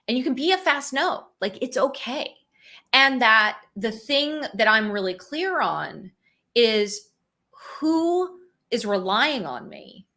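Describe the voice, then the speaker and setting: Woman ceo guest, bright voice, says like a lot, thinking it through. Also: medium pitch. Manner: thoughtful, fillers like "like" and "you know". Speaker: guest, company founder and CEO. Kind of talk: conversational interview.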